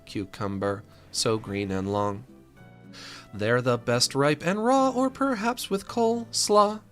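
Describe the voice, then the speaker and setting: A man voicing a cheerful old male pirate kappa, singing and talking in a gruff, drawling pirate way. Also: fairly high pitch, fairly bright tone.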